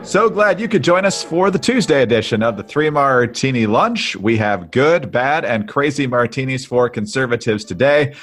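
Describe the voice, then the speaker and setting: Husky-voiced man co-hosting a podcast. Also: mid-range voice, moderate pace, hardly any pauses, soft background music. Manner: wry, lively delivery. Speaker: podcast co-host. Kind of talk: casual political podcast chat.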